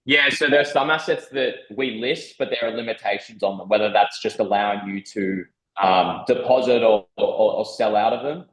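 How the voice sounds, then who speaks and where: A man answering a host's questions as a guest, explaining carefully with many pauses and ums. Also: on the low side, a bit bright, echoey room, poor audio. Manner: measured, many ums and restarts. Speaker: guest from a crypto broker. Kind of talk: explaining in an interview.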